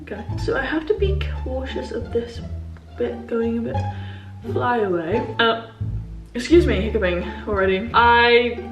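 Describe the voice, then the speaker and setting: A young woman in her twenties talks casually to her camera, rambling and full of fillers. Her voice sits a little high. The room sounds roomy, with faint music behind. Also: moderate pace, lo-fi sound. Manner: chatty, rambling, many fillers. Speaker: vlogger. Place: indoors at home.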